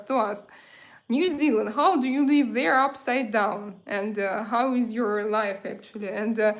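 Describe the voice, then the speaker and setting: A Russian woman in her thirties with a Russian accent, chatting casually with viewers on her livestream and reading out their comments. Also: fairly high pitch. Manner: chatty, reads out viewer comments, quick to get heated. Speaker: livestream host.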